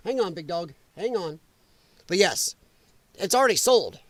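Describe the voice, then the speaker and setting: A man's voice: high-pitched, lively intonation, moderate pace, no echo. A man hosting a livestream from home, ranting in casual political commentary and putting on mocking voices. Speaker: livestream host. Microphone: headset.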